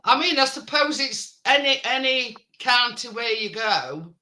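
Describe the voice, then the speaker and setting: A man's voice: very high voice, lively intonation, pushed and bright. A man with a Yorkshire accent hosting a casual live stream, rambling and restarting his sentences. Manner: halting, rambling speech with many restarts.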